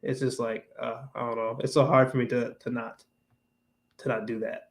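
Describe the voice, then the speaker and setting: His pitch sits in the middle and barely moves as he talks at a moderate pace. It's a livestream host's easygoing chat with viewers, meandering, peppered with fillers and restarts, and blending English and Spanish.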